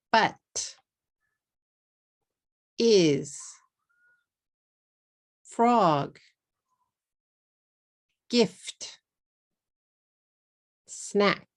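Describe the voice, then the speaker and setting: Slow deliberate Texan woman teacher. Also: lowish voice, darkish tone. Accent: Texas. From Texas, USA. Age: middle-aged. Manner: slow, deliberate, repeats words for learners. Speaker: English teacher. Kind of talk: pronunciation lesson.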